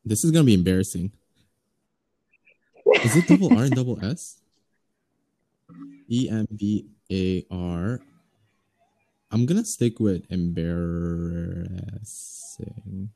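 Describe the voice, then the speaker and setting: Casting: playful man, lively swinging pitch, loud joker. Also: no room sound, clean studio sound. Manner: loud, playful, spells slowly aloud. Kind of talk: casual chat among friends.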